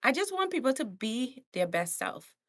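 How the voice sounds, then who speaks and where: A woman's voice: on the high side, sing-song, normal speed, fairly bright tone. A woman from Trinidad with a Trinidadian accent, a coach and comedian speaking bluntly on a podcast, laughing often and acting out quotes. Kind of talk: animated podcast conversation.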